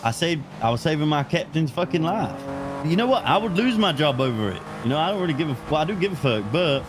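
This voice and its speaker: A man's voice: fairly high pitch, fast, noisy background. A man with a British accent playing a police officer in role-play, retelling events with plenty of swearing. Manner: swearing, storytelling, animated retelling. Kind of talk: in-character role-play chat.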